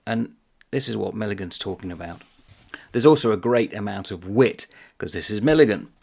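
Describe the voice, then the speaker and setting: A man's voice: lowish voice, normal speed, creaky, a little mellow. A man chatting casually about a book he is reviewing, reading passages aloud in a conversational manner.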